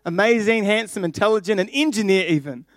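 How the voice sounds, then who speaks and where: A man's voice: sits high, a little fast, no room sound, natural voice. A man doing a blunt old prophet. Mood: emphatic. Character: old prophet judging candidates, blunt and decisive.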